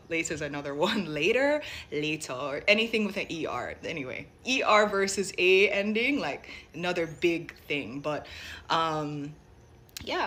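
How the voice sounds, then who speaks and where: A young woman with a light Jamaican lilt that slides toward American speech. Her voice sits a little low, and she talks in a casual, reflective way, circling back on her thoughts with fillers and small restarts. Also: a bit bright, a little hiss or hum. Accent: light Jamaican mixed with American.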